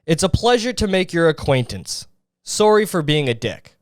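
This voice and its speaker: A man's voice: a little high, sing-song, moderate pace, clear, resonant tone, dry recording, studio quality, voice pushed up. A man mimicking a sheepish, apologetic young male online troll, meek and overly polite.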